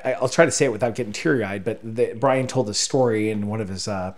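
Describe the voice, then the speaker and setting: Choked-up man telling a story. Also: lowish voice. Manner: emotional storytelling, choked up, halting restarts. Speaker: podcast co-host. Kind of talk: casual conversation.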